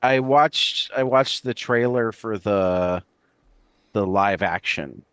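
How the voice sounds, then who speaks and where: A man co-hosting a comics podcast in casual chat, relaxed and agreeable, often stumbling over his words. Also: on the low side, slow pace, smooth, no room sound. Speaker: podcast co-host.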